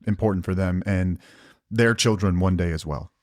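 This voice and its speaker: A middle-aged man co-hosting a podcast in casual chat with his wife. He speaks calmly and likes to joke. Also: sits low, a little fast, no room sound, clean studio sound. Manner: laid-back and joking, calm even when telling a story. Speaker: podcast co-host. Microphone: close podcast mic.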